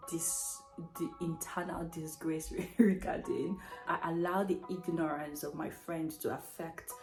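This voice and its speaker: A woman's voice: low voice, a little mellow. A young woman from Nigeria with a Nigerian accent, telling a story in a reflective vlog and often saying "you know.". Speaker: vlogger. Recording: roomy echo, faint music bed.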